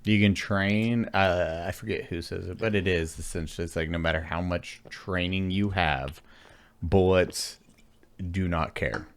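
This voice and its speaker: A man's voice: low-pitched, fairly even intonation, measured pace, smooth. A man hosting a podcast who chats casually and comes in with short remarks. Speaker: podcast host. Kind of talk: casual chat.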